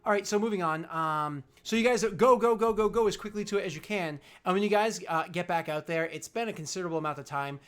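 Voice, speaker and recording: A game master narrating a fantasy tabletop game, halting and full of fillers. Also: medium pitch, clear, resonant tone.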